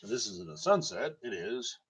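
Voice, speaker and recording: Heard on a dull lo-fi recording, a vlogger from Tennessee spins rambling comic stories and laughs at his own punchlines. His medium-pitched voice is sing-song and unhurried, creaky and a bit bright with a breathy edge.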